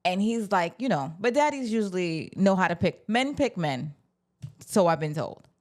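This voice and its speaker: A woman talking through a movie plot in a relaxed, chatty way. She is sassy and animated, and her pitch sits in an ordinary middle range. She jumps into the characters' lines and answers them with her own reactions. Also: moderate pace. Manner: sassy, animated storytelling with acted-out quotes. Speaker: film reviewer. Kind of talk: casual spoken movie review.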